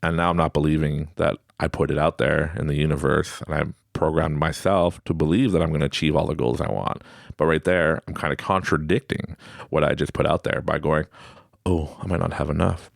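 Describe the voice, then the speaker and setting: A man's voice: rumbling low, a little fast, vocal fry, dry recording, studio quality. A man in his late thirties hosting a motivational self-help talk, telling stories and acting out the voices he quotes. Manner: animated storytelling, acts out quoted voices. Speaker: podcast host.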